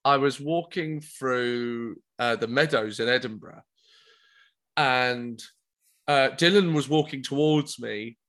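A man telling a comic story as a podcast guest, excitable, stumbling over repeated words and laughing often. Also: mid-range voice, slow pace. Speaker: comedian guest. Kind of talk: animated anecdote telling.

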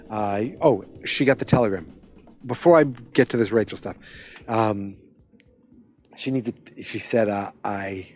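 A man casually recapping a TV episode, rambling and animated, with lots of fillers and restarts. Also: fairly low pitch.

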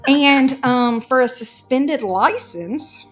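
A woman's voice: sits high, animated, takes it slowly, faint music behind. A woman telling a personal story in casual chat, acting out both sides of the dialogue.

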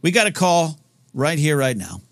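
A man hosting a live call-in show in casual chat, rambling and halting with many restarts. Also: on the high side, sing-song, creaky, no room sound.

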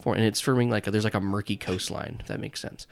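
A man's voice: fairly low pitch, steady tone, fast, creaky, slight background noise. A young man narrating as game master in a rambling, casual way with many fillers.

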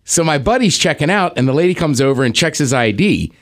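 Male podcast co-host, slightly high and very lively pitch, joking and laughing through stories. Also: brisk. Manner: laughing, playful teasing storyteller. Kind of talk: casual chat.

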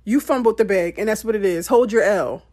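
A woman giving a candid motivational monologue, blunt and emphatic, often profane, with lively swings in pitch. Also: brisk. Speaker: motivational speaker.

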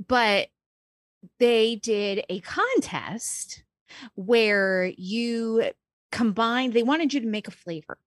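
A woman's voice: a little high, takes it slowly, dry recording. Chatty woman podcast co-host, dry sound. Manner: chatty storyteller, lots of fillers. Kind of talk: casual chat.

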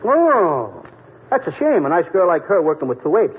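A man playing a brash, excitable comic, clowning in a 1940s radio comedy. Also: moderate pace, in a large hall. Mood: wisecracking. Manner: high, yelping, jokey. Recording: tinny old radio broadcast with hiss.

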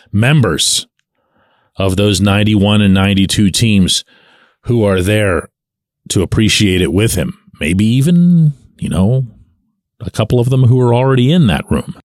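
Male podcast host with a deep voice, sardonic and opinionated, recorded dry and close. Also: no room sound. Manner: sardonic, animated, drops to mutters and asides. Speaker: podcast host and sports columnist. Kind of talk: opinionated solo podcast commentary.

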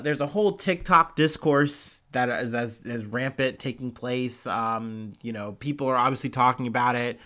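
A man's voice: mid-range voice, sharp tone. Rambling profane male commentator. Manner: loose, profane, rambling with many fillers. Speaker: commentary host. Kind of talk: casual news commentary.

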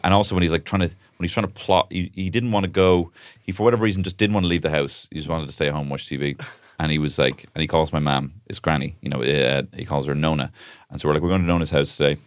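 A man in his thirties co-hosting a podcast, chatting casually in a blunt, sweary, deadpan way. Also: extremely low pitch, fast, no room sound, studio quality. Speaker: podcast co-host. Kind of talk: casual chat.

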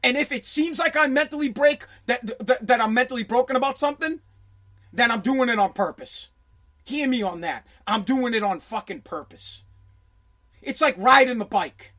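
A man's voice: very high-pitched, animated, normal speed, bright, forceful tone. A man telling a story in a profane, intense rant, often restarting his sentences. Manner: intense, swearing, many restarts.

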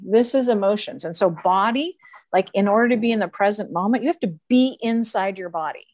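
A woman's voice: medium pitch, brisk, darkish tone, no echo. Woman, earnest, emphatic, laughs as she talks, casual coaching chat, dry close sound. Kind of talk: casual podcast conversation.

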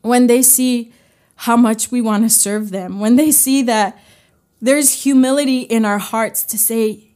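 A woman's voice: on the high side, steady tone, mellow. A woman hosting a devotional podcast, giving an earnest, heartfelt teaching with fillers. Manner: unhurried, with fillers. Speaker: podcast host.

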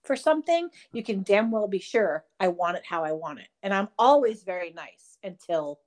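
Woman co-host, lively and profane storyteller, casual chat. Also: medium pitch, moderate pace. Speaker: podcast co-host.

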